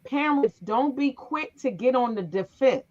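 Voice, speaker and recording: A woman's voice: high voice, a little slow. A middle-aged woman hosting a casual talk show. She tells family stories with energy and acts out the voices of the people in them. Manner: animated storyteller, acts out voices in her stories. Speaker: podcast host. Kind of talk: casual conversation, storytelling. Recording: muffled, lo-fi recording.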